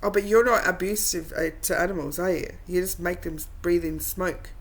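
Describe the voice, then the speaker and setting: A woman's voice: lowish voice, fairly even intonation, fairly quick, rough recording. A woman commenting over a livestream clip, blunt and mocking in her remarks. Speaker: reaction commentator. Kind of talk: sarcastic commentary over a stream.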